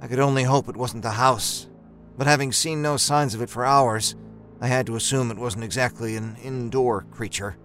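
A male storyteller reading a first-person horror story in a tense, often hushed voice that breaks into sudden shouts. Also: mid-range voice, fairly even intonation, normal speed. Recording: narration with a faint music score.

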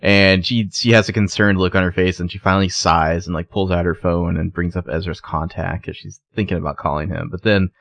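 A man co-hosting a casual podcast, retelling scenes in an animated way and acting out the characters' lines. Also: deep voice, fairly quick, gravelly, few pauses. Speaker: podcast co-host recapping a TV episode. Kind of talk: casual chat.

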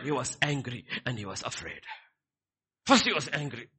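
A man preaching a sermon, swinging between quiet lines and loud, emphatic ones. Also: mid-range voice, big pitch swings, moderate pace, long pauses, breathy edge. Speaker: pastor.

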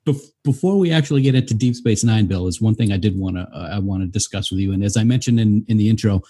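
A man with a slightly husky voice co-hosts a podcast. He jokes along with the guest and then steers the talk on to a new topic. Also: fairly low pitch, quick pace, warm tone. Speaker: podcast co-host. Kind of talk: casual interview questions.

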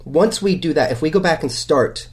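A man's voice: on the high side, expressive, normal speed, darkish tone. A male guest in a casual podcast conversation, thoughtful and hesitant, often repeating words as he works through his ideas. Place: hotel room.

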